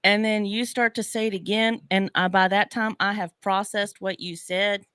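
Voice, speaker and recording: A woman's voice: mid-range voice, steady tone, normal speed, a bit bright, clear, resonant tone, no echo, clean studio sound. A woman co-hosting a radio show, chatting casually, telling stories and laughing often. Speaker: radio co-host. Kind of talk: casual on-air banter. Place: radio studio.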